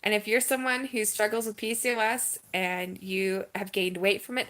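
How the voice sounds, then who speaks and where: A woman's voice: medium pitch, slight background noise. Chatty young woman giving candid advice. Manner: candid, chatty, quick swings between earnest advice and excitement. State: emotional, near tears. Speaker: vlogger. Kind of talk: casual talk to camera.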